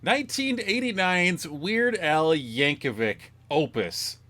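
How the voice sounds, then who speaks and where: A man co-hosting a podcast in casual chat, making dry jokes with a deliberate delivery. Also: a little high, lively intonation, bright, forceful tone. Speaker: podcast co-host.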